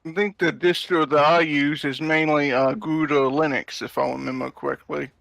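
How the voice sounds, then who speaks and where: Non-native english guy, kinda hesitant, higher voice, dry sound. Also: little pitch movement, creaky, fairly bright tone, dry recording. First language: not English. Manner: hesitant, halting. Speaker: guest on stream. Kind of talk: casual chat.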